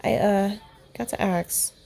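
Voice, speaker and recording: A woman's voice: medium pitch, slow pace, gravelly, dark tone. A young woman reading a fan story aloud, voicing the characters in her own voice and laughing and commenting along the way. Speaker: fan fiction reader.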